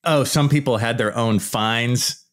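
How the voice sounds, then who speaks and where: A man's voice: medium pitch, unhurried. A man hosting a podcast, talking casually in an exasperated, emphatic and blunt way, with some swearing. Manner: mocks opponents in put-on voices. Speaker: podcast host. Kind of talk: casual ranting monologue.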